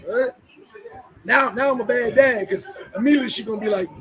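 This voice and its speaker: A man's voice: very high voice, brisk, low-quality recording. A middle-aged man vlogging from the Dominican Republic, chatting casually with his viewers, laughing and acting out what people say to him. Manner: animated, laughing, quoting people in voices. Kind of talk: casual livestream chat.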